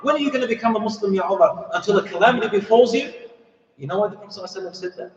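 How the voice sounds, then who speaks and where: A man with a fairly high voice tells a sermon story, putting on the voices of the people in it. He sounds far from the mic, and the sound is muffled. A long, roomy echo hangs behind every word. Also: very fast. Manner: acts out the characters' voices in the story. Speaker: speaker giving a talk. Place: mosque hall. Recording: far-off roomy hall recording, dull and muffled.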